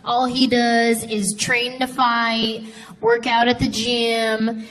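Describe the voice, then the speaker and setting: A woman's voice: fairly high pitch, flat delivery, takes it slowly, fairly bright tone. A woman doing a stand-up comedy routine on stage, telling stories and acting out childhood voices. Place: comedy stage before a live audience. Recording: live show with crowd and noise.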